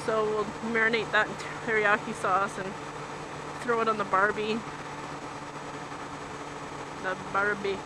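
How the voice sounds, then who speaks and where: A woman's voice: medium pitch, flat delivery, normal speed. A middle-aged woman vlogging casually while out on a bike ride, rambling and chatty, laughing easily. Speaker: vlogger riding a motorcycle. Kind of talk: casual chat while riding. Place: outdoors on a bike. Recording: loud road and wind noise.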